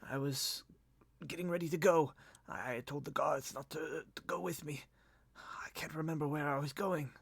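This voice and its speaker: A man's voice: on the high side, steady tone, vocal fry, slightly rough, pitched above the performer's own voice. A man putting on a cracked, feeble nobleman. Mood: pleading. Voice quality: cracked, broken voice. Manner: pleading, halting, hushed. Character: weak, confused young nobleman lord. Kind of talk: tabletop role-play.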